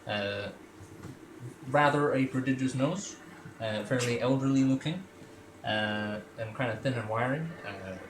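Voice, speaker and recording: A man's voice: medium pitch, unhurried, background noise. A man narrating a tabletop game as game master, often stumbling and repeating words as he improvises. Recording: roomy, music behind.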